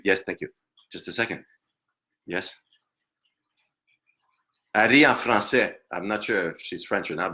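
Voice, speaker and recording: Low-voiced man giving a halting reading. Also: a bit bright. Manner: hesitant, halting, often laughs. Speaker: psychic medium. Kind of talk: live reading.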